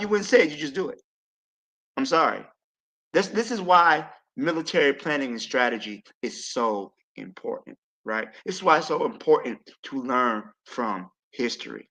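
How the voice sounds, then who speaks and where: A man hosting a livestream panel discussion, speaking emphatically with sudden swings between loud and quiet. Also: on the high side, expressive, normal speed, rough recording. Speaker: podcast host.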